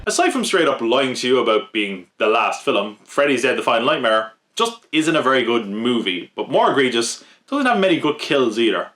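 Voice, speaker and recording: A man of middle pitch reads his scripted horror-movie countdown with a wry, jokey edge and asides to the listener. He talks plainly and steadily, like a podcast host. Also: sing-song, brisk, hardly any pauses, a bit bright, slight background noise.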